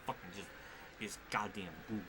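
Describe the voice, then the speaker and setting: A man's voice: fairly low pitch, moderate pace. A man streaming a racing game at his desk at home, giving live commentary full of exasperated, swearing outbursts. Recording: steady background noise.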